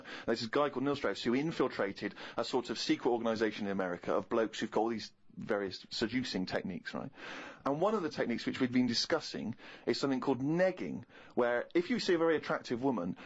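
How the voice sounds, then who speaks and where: A man co-hosting a podcast, telling comic stories in an animated, rapid way. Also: medium pitch, muffled recording. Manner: animated, rapid anecdotal delivery. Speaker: co-host.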